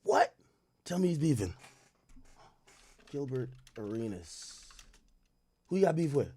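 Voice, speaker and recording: A man's voice: medium pitch, very animated, unhurried, dark tone, husky. A young man hosting a casual livestream, talking loosely and reading out and answering his chat as it comes in. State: worried about losing his voice. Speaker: livestream host.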